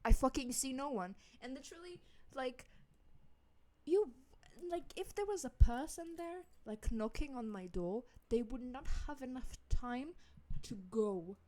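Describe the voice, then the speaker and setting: A woman's voice: sits high, expressive, a little slow, darkish tone. A young woman in her home office telling a casual story-time tale into a desk microphone, rambling and swearing freely with lots of "like". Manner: rambling, swears a lot, heavy use of "like". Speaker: vlogger. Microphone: studio microphone at desk.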